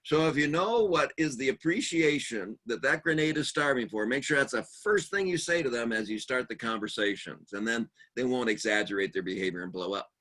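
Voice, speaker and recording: A man giving a conference workshop talk, humorous and animated, telling stories and acting out the voices of the people he quotes. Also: mid-range voice, brisk, few pauses. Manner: lively, animated delivery. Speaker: seminar speaker.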